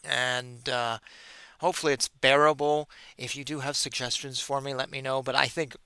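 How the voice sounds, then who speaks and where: Solo podcast host, male, bright and smooth voice, sarcastic and fed up. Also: medium pitch, flat delivery, moderate pace, no room sound. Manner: sarcastic, exasperated, mocking. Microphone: webcam or computer mic.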